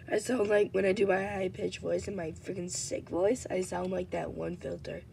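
A woman's voice: lowish voice, level tone, normal speed, creaky, hardly any pauses, darkish tone, a little hiss or hum. A sick woman vlogging in a rambling, offhand, casual way. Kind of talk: casual vlog chat.

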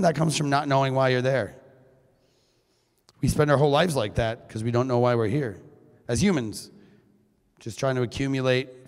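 A man giving a keynote talk at a men's conference, animated and joking, acting out quoted lines in his own voice. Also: mid-range voice, creaky. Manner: animated, jokey, acts out quotes. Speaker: keynote speaker. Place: high school venue. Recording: long hall reverb.

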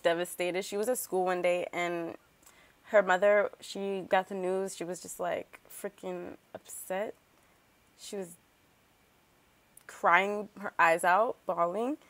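A woman's voice: medium pitch, dry recording. A woman hosting a let's play, chatting casually and rambling through her gameplay with lots of filler words and remarks aimed at the characters. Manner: animated, talks back to game characters.

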